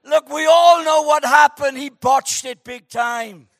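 A man preaching a sermon, animated and joking, who shouts for emphasis. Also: extremely high pitch, slow pace, no room sound, studio quality. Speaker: pastor.

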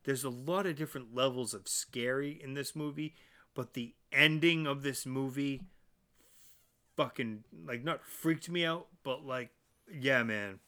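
A man's voice: medium pitch, a little slow, pushed and bright. A man co-hosting a podcast in casual chat, blunt and casually swearing. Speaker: podcast co-host.

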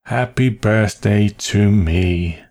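A man voicing a drunk, despairing grown man who pleads and sings hoarsely and miserably. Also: medium pitch, expressive, unhurried, pitched above the performer's own voice. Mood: miserable.

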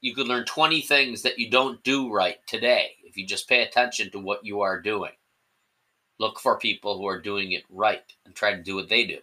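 Bright-voiced man rambling on his podcast. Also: fairly low pitch, steady tone, normal speed, poor audio. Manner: rambling, self-deprecating, with restarts. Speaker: podcast host. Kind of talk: casual solo podcast monologue.

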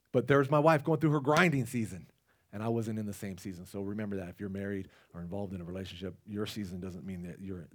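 A man preaching a casual, conversational sermon, rambling with restarts and asides to the congregation. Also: lowish voice. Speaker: lay preacher.

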